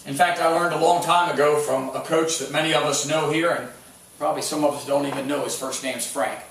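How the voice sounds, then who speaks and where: A pastor preaches in a church sanctuary, telling sports anecdotes in a conversational, stop-and-start way with many restarts. His voice is fairly high, steady, brisk and fairly bright, picked up by a distant mic in an echoey hall with a little hiss or hum.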